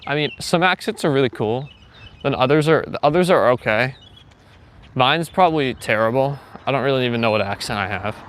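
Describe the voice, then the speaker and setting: A man's voice: medium pitch, animated, brisk, a bit bright, a little hiss or hum. Rambling young man on a walk. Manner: rambling, filler-heavy, easygoing. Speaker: livestream host. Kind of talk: casual live chat while walking, reading viewer comments. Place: outdoors on a walk.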